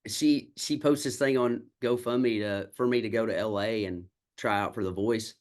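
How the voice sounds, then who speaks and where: A man's voice: lowish voice, fairly even intonation, moderate pace, darkish tone. A man from Kentucky, a country singer and songwriter telling candid, salty stories in a casual interview and acting out the people he quotes. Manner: candid, salty storyteller who acts out quoted exchanges.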